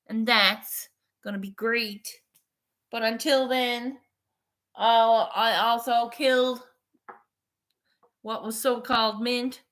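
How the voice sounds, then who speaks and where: A woman's voice: a little high, steady tone, slow, long pauses, fairly bright tone. A woman vlogging in casual, rambling chat, swearing freely and laughing often.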